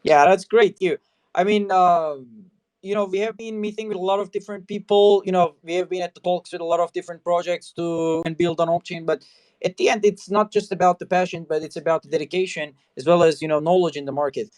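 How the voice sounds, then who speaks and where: A man's voice: high voice, fairly even intonation, brisk, no echo. Chatty host man with a dry sound. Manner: loose and chatty, leaning heavily on "you know" and "I mean". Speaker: talk show host. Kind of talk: casual interview chat.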